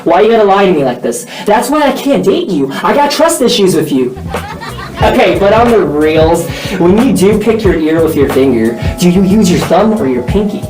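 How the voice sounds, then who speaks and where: A man's voice: high-pitched, sing-song, normal speed, a little mellow, some chatter behind. Goofy young guy vlogging, teasing himself, music playing under him, sounds kinda far off the mic. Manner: joking, playful, self-teasing. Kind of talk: casual vlog talking to viewers. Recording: echoey room, mic at a distance, music behind.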